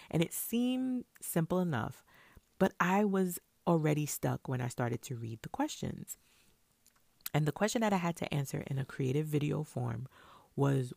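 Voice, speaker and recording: A woman's voice: low voice, vocal fry, no room sound. A woman vlogger telling a story in a casual way, acting out the lines of the people in it. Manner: animated, acts out her own and others' lines.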